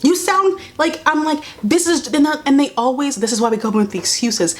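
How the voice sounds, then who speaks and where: A woman's voice: fairly high pitch, normal speed, hardly any pauses. A young woman vlogging casual commentary while doing her makeup, blunt, sarcastic and exasperated.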